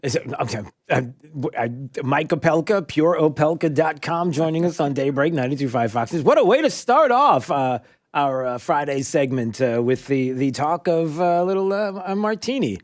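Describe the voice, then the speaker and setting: A man hosting a morning talk radio show in a loose, conversational way. His voice sits a little high, and he halts often on fillers and restarts as he thinks aloud. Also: expressive, no room sound, studio quality. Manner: halting, many fillers and restarts, laughs easily. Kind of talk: casual morning radio chat.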